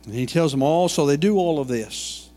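A male pastor preaching in a folksy, storytelling way, with a slightly high voice. His words ring out in a long church reverb. He breaks off into homey asides as he goes. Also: expressive, moderate pace, warm tone. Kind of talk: sermon. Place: church sanctuary.

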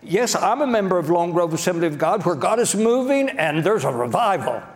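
Brief: a man doing an eager, smug churchgoer, high-pitched, in a reverberant church hall. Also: big pitch swings, fairly quick. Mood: boastful. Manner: eager, self-congratulating. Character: smug fair-weather churchgoer, adult.

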